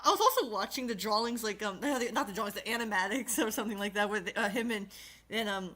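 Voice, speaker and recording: A woman's voice: medium pitch, lively intonation, fast talker, crowd noise. A woman hosting a casual stream, talking in a giggly, rambling, self-deprecating way, with a lisp. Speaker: streamer host.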